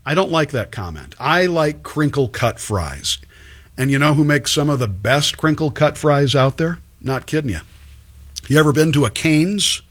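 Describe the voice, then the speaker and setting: A man's voice: on the high side, very animated, normal speed, a bit bright, no echo. A man hosting a talk show, chatting casually and telling stories with plenty of restarts. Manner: chatty, storytelling, many restarts. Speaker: radio show host.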